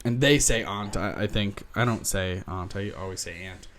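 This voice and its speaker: A man with a lowish voice co-hosts a casual podcast at a moderate pace, with a slight hiss or hum in the audio. He tells stories in an animated way, laughing a lot and swearing freely.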